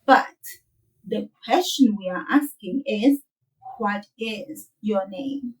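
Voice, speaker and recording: A woman teaching a children's language lesson, modeling words slowly and playfully with laughs. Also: mid-range voice, recorded from a distance, poor audio. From South Africa.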